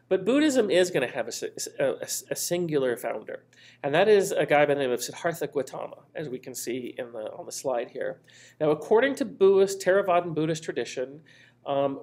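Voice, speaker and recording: A man giving a casual history lecture, telling the story in a chatty way with frequent ums and quick "right?" asides. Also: on the high side, creaky, a little mellow.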